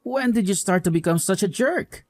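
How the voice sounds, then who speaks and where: A man's voice: high-pitched, animated, normal speed, a little mellow, soft background music. A man playing a scornful, mother-obsessed husband. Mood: scolding. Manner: scolding, contemptuous. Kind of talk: voiced drama story.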